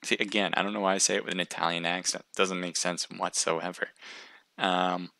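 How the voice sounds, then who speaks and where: Deep gravelly-voiced male streamer. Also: level tone, brisk, bright, forceful tone, no echo. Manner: rambling, thinks aloud with frequent restarts. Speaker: livestream caster. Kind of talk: casual live-stream chat with viewers.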